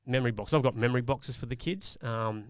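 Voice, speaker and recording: A man's voice: medium pitch, quick pace, clean tone, dry recording. A middle-aged man, a podcast co-host, telling a personal parenting story in an earnest, reflective way. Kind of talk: casual chat.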